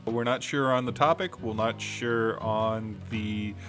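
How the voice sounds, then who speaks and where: A man's voice: fairly low pitch, a little slow, fairly bright tone, faint music behind. A man hosting a podcast, wrapping up in a casual, rambling chat and restarting phrases as he goes. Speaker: podcast host.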